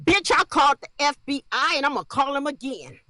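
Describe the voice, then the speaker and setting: An angry woman ranting on a livestream, profane, shouting and repeating herself. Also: high-pitched, lively intonation, a little fast, no room sound.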